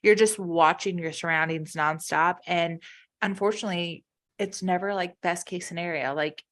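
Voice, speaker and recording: This thirtysomething podcast co-host has a lowish, somewhat bright voice with fairly even intonation and a moderate pace. In casual chat, she spins stories and acts out the lines people said.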